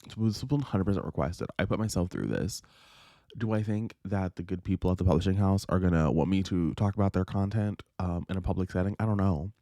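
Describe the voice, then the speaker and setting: A man recapping a book in a casual vlog, telling it with animated, profane storytelling and quick bursts of quoted voices. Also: low-pitched, dry recording, clean studio sound. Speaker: book vlogger.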